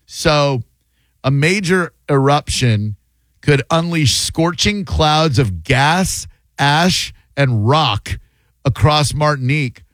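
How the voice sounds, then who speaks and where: A man's voice: a little high, animated, slow, a bit bright, no room sound. A man hosting a radio show, chatting casually and riffing with sarcastic jokes. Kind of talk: casual comedic radio chat.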